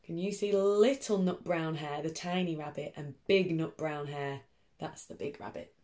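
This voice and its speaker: A woman teacher reading a picture book to young children from her sofa at home, in a gentle, encouraging voice. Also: low-pitched, normal speed.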